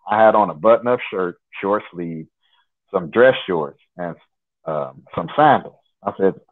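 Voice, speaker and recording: A man from Nebraska, a guest in an interview, telling a personal story in an unhurried, detailed, conversational way. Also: deep voice. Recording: tinny phone line.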